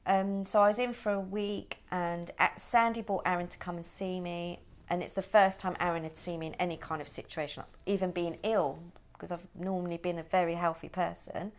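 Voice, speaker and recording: A woman's voice: lowish voice, fairly quick, hardly any pauses. Woman vividly retelling a personal story. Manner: animated storyteller who acts out the people in her story. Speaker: podcast guest. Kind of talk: personal conversation.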